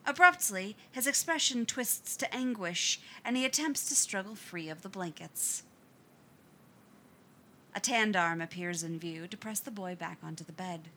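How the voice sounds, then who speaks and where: Brief: female reader of fan fiction, expressive, unhurried, bright tone. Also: mid-range voice, a little hiss or hum. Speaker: story reader. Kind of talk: audiobook narration of fan fiction.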